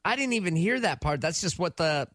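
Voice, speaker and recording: Lively high-voiced radio storyteller. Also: male voice, a little fast, slight background noise. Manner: animated storyteller who acts out quotes. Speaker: radio co-host. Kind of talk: casual morning radio storytelling.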